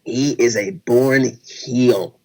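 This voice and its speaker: A man co-hosting a casual wrestling podcast, talking excitedly and acting out his own reactions as he recaps a show. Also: mid-range voice, drawn-out words. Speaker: podcast co-host.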